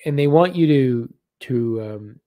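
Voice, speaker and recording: Gentle halting man giving spiritual readings. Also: medium pitch, expressive, no echo, clean studio sound. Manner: gentle, halting, repeats words while channeling. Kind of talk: live-stream spiritual reading.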